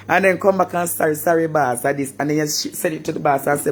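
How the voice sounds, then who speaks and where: A man from Jamaica with a Jamaican accent, ranting animatedly on a live stream, repeating words and bursting into shouts. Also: fairly high pitch, normal speed. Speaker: social media personality.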